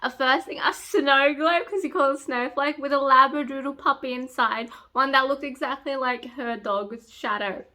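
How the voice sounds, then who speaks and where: A woman's voice: sits high, steady tone, normal speed, hardly any pauses, sharp tone. A woman vlogging about a book she is reading, gushing over it and squealing with delight. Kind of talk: excited reading vlog.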